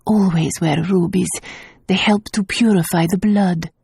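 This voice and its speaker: A woman's voice: on the low side, fairly even intonation, measured pace, gravelly, a little mellow, husky, dry recording, studio quality, full character voice. Woman reading as a languid, vain noble mother. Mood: insistent. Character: vain aristocratic mother, fond of jewels.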